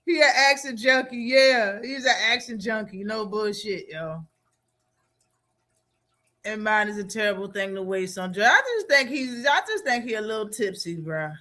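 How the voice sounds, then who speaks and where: A man's voice: high voice, expressive, moderate pace, sharp tone. A man hosting a live boxing talk stream, reacting casually with slang and frequent laughter.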